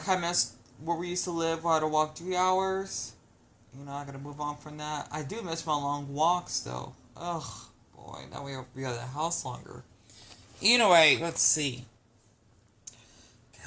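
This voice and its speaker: Young vlogger just rambling on at home, bright crisp voice, kinda self-deprecating. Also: medium pitch, slight background noise. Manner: chatty, wandering, self-deprecating. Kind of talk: casual rambling chat.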